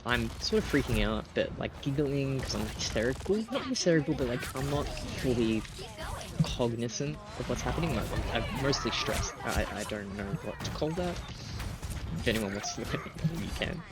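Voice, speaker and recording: A man's voice: medium pitch, lively intonation, moderate pace. A young man telling a rambling storytime story, with lots of fillers and giggles. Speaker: gaming storyteller. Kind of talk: casual storytime while gaming. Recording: game music playing under the voice.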